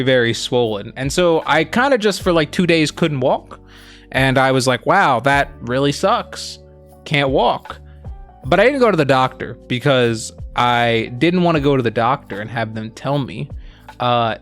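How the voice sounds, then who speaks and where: Speaking at a medium pitch, a young co-host casually rambles through a story, packing it with fillers and breaking into animated bursts when he quotes people.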